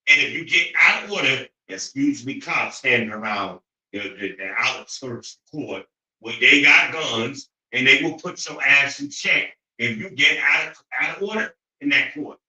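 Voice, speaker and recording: A man with a piercingly bright, cutting voice delivers a preachy, profane monologue. He keeps hammering his points, often climbing into loud, incredulous outbursts. The sound carries a roomy echo. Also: mid-range voice, lively intonation, moderate pace. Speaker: show host. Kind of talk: opinionated monologue.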